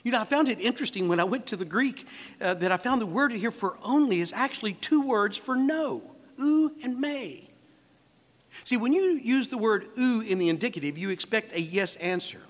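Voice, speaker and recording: Animated preacher in a reverberant hall. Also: male voice, high voice, normal speed. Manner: animated preaching, acts out quoted voices, rhetorical questions. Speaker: pastor. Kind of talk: sermon.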